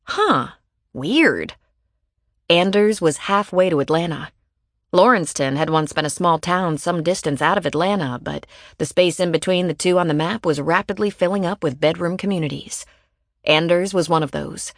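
Woman audiobook narrator, first-person, lower register, steady delivery, dry studio read. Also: normal speed, no room sound.

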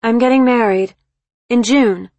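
A woman voicing an eager young college woman who talks in a bright, hurried way, with a husky voice. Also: medium pitch, no echo, highs cut off, pitched above the performer's own voice, lightly acted.

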